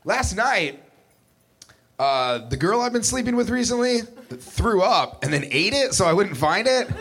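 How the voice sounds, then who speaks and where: Guy doing stand-up, bit high voice, swings up and down a lot, self-mocking. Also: a little slow, a little hiss or hum. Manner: animated, yelling bits, self-mocking. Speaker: stand-up comedian. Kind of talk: stand-up routine.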